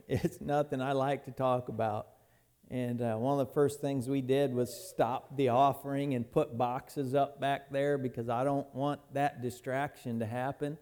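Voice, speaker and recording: A man's voice: medium pitch, dark tone, clear, resonant tone. A man preaching a sermon as pastor in a church, folksy and conversational, often restarting his phrases.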